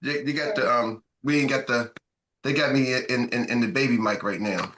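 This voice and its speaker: A man's voice: medium pitch, normal speed, slight background noise. An older man coaching a live business masterclass, talking with energy, repeating key phrases and asking his audience to answer back. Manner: energetic, repetitive and call-and-response.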